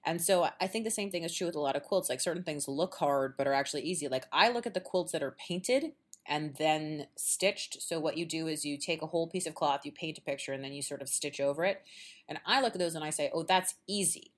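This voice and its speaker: Podcast host, woman, lively chatty storyteller, voice on the low side. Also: fast. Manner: animated storyteller, acts out quotes, laughs often. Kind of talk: casual chat. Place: at a quilt show.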